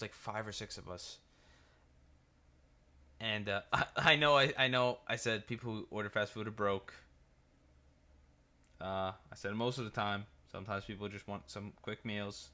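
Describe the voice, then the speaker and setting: A man's voice: lowish voice, sharp tone. A man with a New York accent hosting a reaction video, telling stories in a rambling, profane way and laughing as he goes. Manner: laughs through stories, restarts often. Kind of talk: casual reaction commentary.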